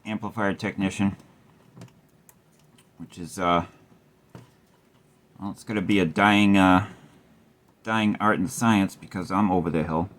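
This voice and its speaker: A man's voice: low-pitched, fairly even intonation, unhurried, pauses often, a bit bright. A middle-aged man casually rambling through an amp repair at his workbench, wry and swearing now and then. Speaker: amplifier repair host. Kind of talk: casual workshop tutorial.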